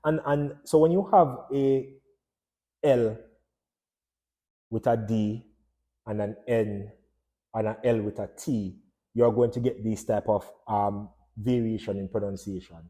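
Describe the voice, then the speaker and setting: A man's voice: lowish voice, dark tone. A man giving a casual lesson on phonology, asking his listeners questions and answering them himself. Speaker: language teacher.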